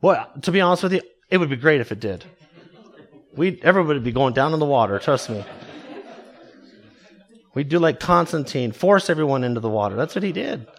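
A man's voice: fairly high pitch, animated, brisk, pauses often. A man preaching a sermon in an emphatic, conversational way, with wry asides to his congregation. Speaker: pastor.

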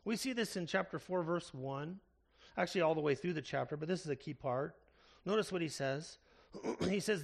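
A man preaching a sermon as a pastor, earnest and slowing down to stress key words. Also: a little high, creaky.

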